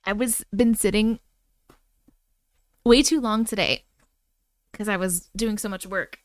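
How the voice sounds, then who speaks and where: A woman's voice: medium pitch, unhurried, no room sound, clean studio sound. A woman hosting a live stream from home, chatting casually and bubbling as she reacts to viewers' comments.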